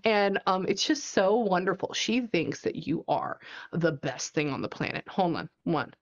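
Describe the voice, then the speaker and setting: A woman psychic medium in a casual one-on-one reading, chatty and animated as she retells what she hears. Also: fairly low pitch, normal speed, dull audio.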